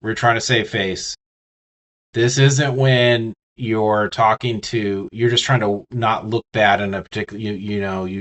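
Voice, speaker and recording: A man's voice: lowish voice, fairly bright tone. A man teaching business communication in a casual lecture, talking straight to the listener with frequent restarts and fillers. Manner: conversational, many restarts and fillers, talks to the listener directly. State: has the hiccups.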